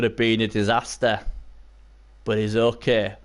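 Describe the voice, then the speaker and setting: Hoarse, excitable male game caster. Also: normal speed. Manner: excitable, bursts into high yelps and cheers; chatty, talks to viewers and chat by name. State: hoarse, losing his voice. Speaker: live stream commentator. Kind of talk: casual video game commentary.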